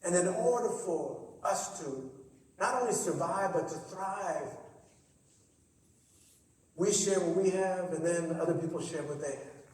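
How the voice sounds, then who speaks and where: A man giving a personal storytelling speech at a forum, animated and full of repeated starts as he acts out the people in his tales. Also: high voice, measured pace, pauses often, a little hiss or hum. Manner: animated, repetitive, acts out voices. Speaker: forum speaker. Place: college theater stage. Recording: echoey theater hall, distant mic.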